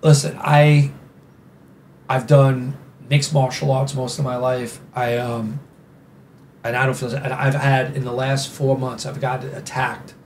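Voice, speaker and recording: A man with a New York accent speaks as a podcast guest at a middling pitch. He rambles and leans hard on his points, stacking up "you know" and "like" as he goes. A faint hiss sits under his voice. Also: a little mellow. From New York City. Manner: rambling and emphatic, with many "you know" and "like" fillers. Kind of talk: casual interview conversation.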